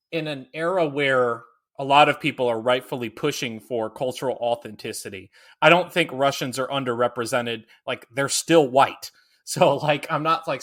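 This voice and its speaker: A man's voice: medium pitch, sharp tone. A man co-hosting a casual podcast, rambling and chatty with many "like"s. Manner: chatty, rambling, laughs often. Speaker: podcast co-host.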